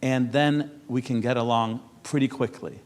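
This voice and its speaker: A man from Europe speaking on a symposium panel. He tells stories in a lively way, acts out the people he quotes and turns earnest and persuasive. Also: mid-range voice, moderate pace. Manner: animated storyteller who acts out quoted exchanges. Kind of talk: storytelling talk at a symposium panel.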